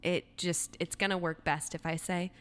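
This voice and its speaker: A woman with a lowish voice co-hosts a casual podcast. She talks in a playful, reflective way and swears at times. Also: fairly even intonation, normal speed, a bit bright, clean tone. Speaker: podcast co-host. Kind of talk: casual chat.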